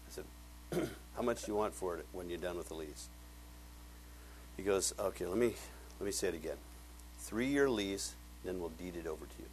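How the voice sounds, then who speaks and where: A middle-aged male pastor telling a story in a sermon, animated, acting out conversations and laughing often. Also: deep voice, moderate pace, long pauses, breathy edge, rough recording.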